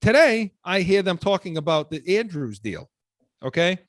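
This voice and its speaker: High-pitched guy ranting on sports radio, dry studio sound, keeps repeating himself when he's heated. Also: very animated, moderate pace, fairly bright tone, dry recording. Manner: fired-up, ranting, repeats words when worked up. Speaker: sports talk radio host.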